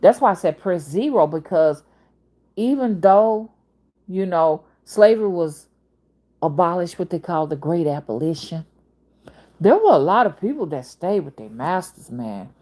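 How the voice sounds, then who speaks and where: She's a spiritual reader and channel host in her fifties with a Southern accent, drifting between topics in a relaxed, rambling monologue. Her lowish voice is warm and sing-song, and her pace is a little slow.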